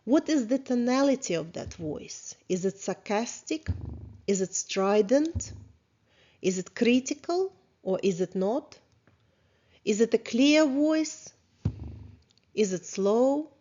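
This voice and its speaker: A woman therapist leading a guided self-reflection lesson, talking calmly and asking many questions, with small grammar slips. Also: fairly high pitch. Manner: slow, calm, questioning, with small grammar slips of a non-native speaker. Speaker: therapist teaching a course. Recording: slightly dull lo-fi sound.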